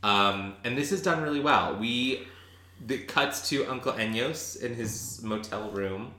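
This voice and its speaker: A man co-hosting a podcast, chatting casually and excitedly as he recaps a TV episode, with many restarts and ums. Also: mid-range voice, measured pace, echoey room. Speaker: podcast co-host.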